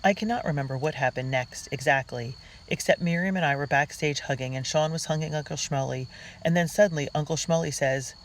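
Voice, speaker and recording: A man's voice: on the high side, a little fast, rough recording. Earnest reader narrating a girl's diary. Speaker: audiobook reader.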